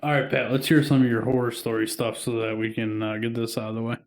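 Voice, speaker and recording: A man's voice: mid-range voice, level tone, fast talker, faint music behind. A man hosting a podcast in casual chat, teasing his co-host with sarcastic quips. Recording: roomy echo.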